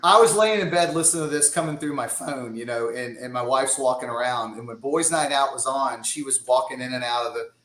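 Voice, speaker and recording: A man in his fifties from Georgia, US, with a Southern accent, speaks in a mid-range, fairly bright voice, a little fast with few pauses. He's a guest drummer chatting casually, rambling and laughing often. The recording is reverberant and low quality.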